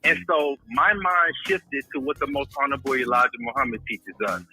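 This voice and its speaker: A man's voice: medium pitch, brisk, soft background music, low-quality recording. A man giving an impassioned, preacher-like testimony, calling people brother and using religious phrasing. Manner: preacher-like, grows louder and intense. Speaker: guest recounting a friend's illness. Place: at home in Houston.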